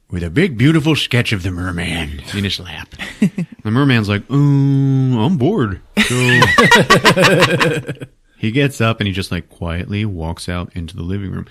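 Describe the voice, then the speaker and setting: A man casually recapping a film for a podcast, swearing often, laughing and acting out quick character bits. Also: lowish voice, expressive, very noisy. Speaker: podcast host.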